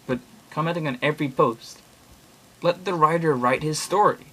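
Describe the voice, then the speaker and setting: A man's voice: on the high side, normal speed, a bit bright. A young man reading online horror blogs aloud with casual commentary, rambling and opinionated, swearing now and then.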